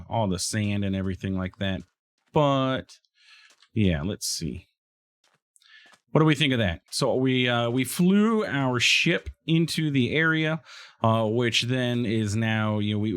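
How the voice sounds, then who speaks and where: A man hosting a game let's play, thinking aloud in casual commentary and talking back to the game. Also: lowish voice.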